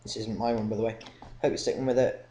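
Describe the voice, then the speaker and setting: Young man, low mellow voice, casual rambling Bible chat, echoey room with faint hiss. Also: flat delivery, fast talker. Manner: rambling, informal, many ums. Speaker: Bible reading vlogger.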